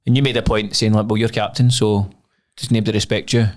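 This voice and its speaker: Fast-talking Scottish man. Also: lowish voice, little pitch movement. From Scotland. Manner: quick, rambling, swears freely. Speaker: podcast co-host. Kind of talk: casual chat.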